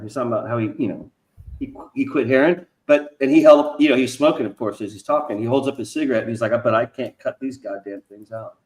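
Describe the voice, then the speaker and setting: A man's voice: medium pitch, reverberant, poor audio. A man chatting casually on a livestream panel, agreeable and profane. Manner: agreeable, profane, lots of "yeah". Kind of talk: casual chat.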